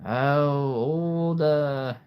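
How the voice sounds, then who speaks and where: A man's voice: on the high side, drawn-out words, clear, resonant tone, muffled recording, pitched above the performer's own voice. A man voicing a swaggering young male dragon trapper with a brash, theatrical delivery. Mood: boastful.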